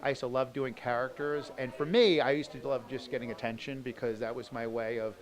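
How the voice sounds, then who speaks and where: A male comedian answering interview questions backstage at a theater in a relaxed, conversational way. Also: mid-range voice, fairly quick, poor audio. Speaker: comedian guest.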